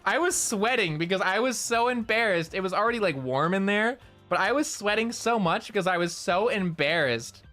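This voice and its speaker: Bright-voiced streamer telling a story. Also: mid-range voice, normal speed, soft background music. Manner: animated, repetitive, self-mocking storytelling. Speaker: VTuber streamer. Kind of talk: casual chat stream, storytelling.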